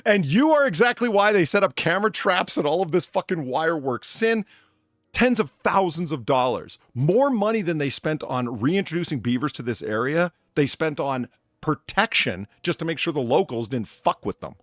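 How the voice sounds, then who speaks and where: A man's voice: fairly high pitch, big pitch swings, normal speed, a bit bright, dry recording, studio quality. Ranting, profane male stream co-host. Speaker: podcast co-host. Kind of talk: casual live-stream chat.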